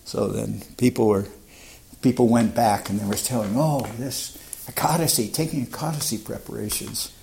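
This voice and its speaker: Older man, gravelly, storytelling reminiscence with chuckles. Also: mid-range voice, normal speed, darkish tone, slight background noise. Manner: rambling, laughs while retelling, mimics others. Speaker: devotee recalling his teacher. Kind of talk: casual reminiscence.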